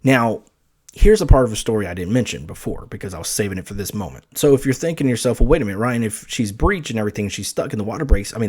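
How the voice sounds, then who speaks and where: A young man hosting a podcast, telling a story in a casual, animated way and acting out the quoted lines with big jumps in his voice. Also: fairly low pitch. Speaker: podcast host.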